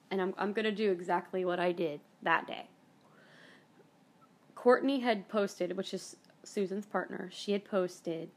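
A woman hosting her own podcast, telling a personal story with strong emotion, often repeating herself and trailing off. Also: mid-range voice. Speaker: podcast host.

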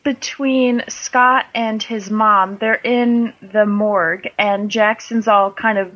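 A woman co-hosting a casual fan podcast, relaxed and laughing through her stories. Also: mid-range voice, takes it slowly. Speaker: podcast co-host. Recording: slightly dull lo-fi audio.

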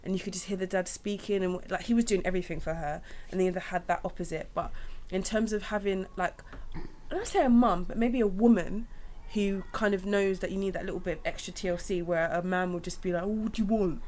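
A young woman chatting casually, telling her birth stories in a lively, storytelling manner. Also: fairly low pitch, brisk, hardly any pauses, a little hiss or hum. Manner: chatty storytelling, animated when retelling. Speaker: new mother. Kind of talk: casual chat.

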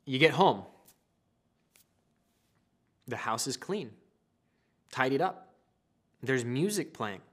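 A man preaching a sermon, telling everyday stories with lively, acted-out moments. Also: medium pitch, slow, pauses often. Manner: animated storytelling, acting out husband and wife.

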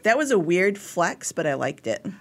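A man's voice: high-pitched, very animated, normal speed, gravelly. A man co-hosting a comedy podcast, rambling and self-deprecating, with casual swearing. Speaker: podcast co-host.

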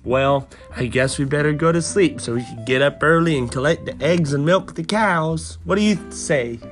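A father and podcast host reading a farm picture book aloud to his children and making animal sounds in a playful, animated way. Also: fairly high pitch, normal speed, faint music behind.

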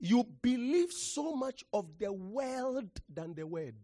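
A preacher giving a sermon, shouting key phrases, then dropping to near quiet and calling on listeners to respond. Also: medium pitch, big pitch swings, slow, dry recording, studio quality. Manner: impassioned, shouting for emphasis with sudden drops to quiet; calls for audience response.

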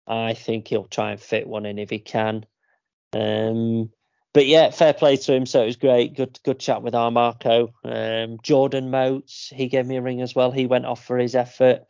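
A man's voice: mid-range voice, creaky, darkish tone, dry recording, muffled recording. A man, co-hosting a podcast and telling a story in a casual, rambling way with lots of fillers. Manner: chatty storyteller, many fillers and restarts. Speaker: podcast co-host. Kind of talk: casual chat.

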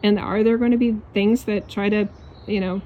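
A woman's voice: mid-range voice, fairly even intonation, moderate pace, warm tone, dull audio, a little hiss or hum. A woman speaking as a spiritual coach in a casual pep talk outdoors in a yard. She is blunt and emphatic, swears, and laughs often.

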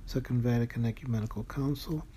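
Very dark, flat-voiced man reading scripture. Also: mid-range voice, quick pace, a little hiss or hum. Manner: reads each citation out in full, marking quotes aloud; earnest and moved by the text. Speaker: reader of a church document. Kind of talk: reading a religious text aloud with asides.

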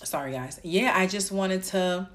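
A woman's voice: medium pitch, measured pace, fairly bright tone, a little hiss or hum. A woman hosting her own podcast, speaking earnestly and from the heart, straight to her listeners. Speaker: podcast host. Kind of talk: personal podcast talk.

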